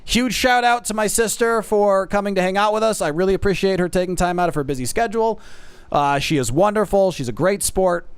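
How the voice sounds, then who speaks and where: A man's voice: sits high, a little fast, clean tone, dry recording. A man streaming, chatting casually and self-deprecatingly, calling his viewers folks. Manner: animated, self-deprecating, addresses chat as folks. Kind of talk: casual chat.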